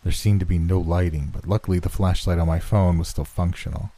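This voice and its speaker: A man reading a first-person horror story in a measured, dramatic storytelling manner. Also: low-pitched, fairly even intonation, warm tone. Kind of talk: scripted horror narration.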